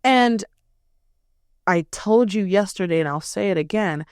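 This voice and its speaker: A woman's voice: mid-range voice, expressive, a little slow, smooth, dry recording, studio quality. A young woman hosting a podcast, telling a personal story in a blunt, profane, emphatic way. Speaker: podcast host. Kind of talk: casual storytelling.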